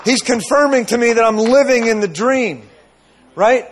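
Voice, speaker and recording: A man with a notably high voice preaches a sermon. He tells his story loosely, circling back with repeated phrases and asides to the congregation. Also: moderate pace.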